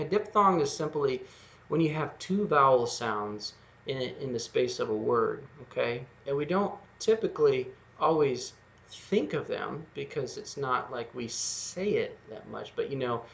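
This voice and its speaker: A man giving a video lesson on lyric writing, patiently explaining and slowly sounding out words. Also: medium pitch, creaky, muffled recording. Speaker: music teacher.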